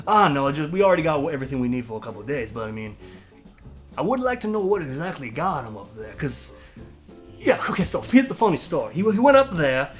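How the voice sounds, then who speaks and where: A man's voice: on the high side, sing-song, fast talker, soft background music. A man voicing a middle-aged female orc shopkeeper who is frank and worried, talking in a rambling, chatty way with many restarts.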